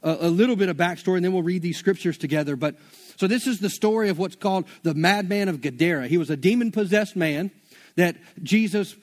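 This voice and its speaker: A high-voiced man delivers a sermon in an easygoing, conversational manner. He drops slang into his teaching and talks to the room like friends. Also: fairly quick. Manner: casual, conversational preaching with slang. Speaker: preacher.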